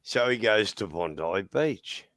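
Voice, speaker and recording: An Australian man telling a funny story in casual chat, laughing often and jumping into high voices for the people he quotes. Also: expressive, measured pace, heavy background noise.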